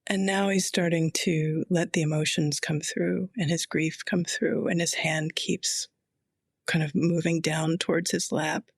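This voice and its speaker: A middle-aged woman chaplain recounting a personal story in a slow, reflective, quietly intense way. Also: low voice, level tone, breathy edge, dry recording, clean studio sound.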